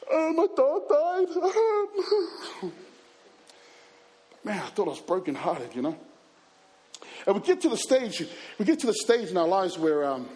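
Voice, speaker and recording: A man telling personal stories to a live audience, animated and acting out scenes and voices. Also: high voice. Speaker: youth speaker. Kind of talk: storytelling talk to an audience.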